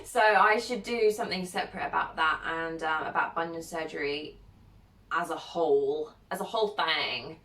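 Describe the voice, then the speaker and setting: A young woman, a content creator, chatting casually as she reads viewer questions aloud and answers them, giggling often and filling pauses with lots of ums. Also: deep voice, a bit bright. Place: at home, sitting alone. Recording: roomy sound from a distant mic.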